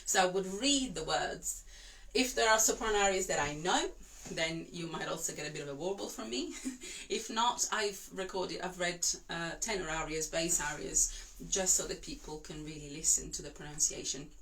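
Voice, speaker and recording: Chatty Italian-born woman with a low voice. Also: moderate pace, a bit bright, slight background noise, low-quality recording. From Italy. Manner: chatty, rambling, with many fillers and restarts. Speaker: opera singer and vocal coach. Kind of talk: casual chat to online class.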